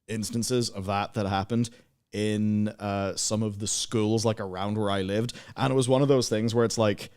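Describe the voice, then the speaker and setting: A man's voice: lowish voice, fairly even intonation, moderate pace, a little mellow, clear, resonant tone. A man, co-hosting a livestream in casual, rambling, sardonic chat full of fillers. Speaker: livestream co-host.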